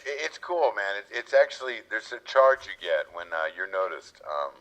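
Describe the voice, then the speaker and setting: A man's voice: on the low side, normal speed. A man guest telling casual stories and acting out the people in them. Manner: animated storyteller, acts out quotes. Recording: lo-fi muffled audio.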